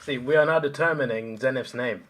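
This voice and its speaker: A man's voice: mid-range voice, brisk, fairly bright tone. A man hosting a live stream, chatting casually and answering chat comments as he rambles.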